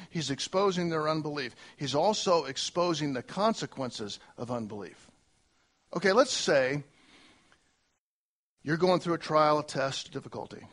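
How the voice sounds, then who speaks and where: A man preaching a sermon to a church congregation, emphatic, with long spoken lists and big swings between loud and soft. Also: a little high. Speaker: pastor.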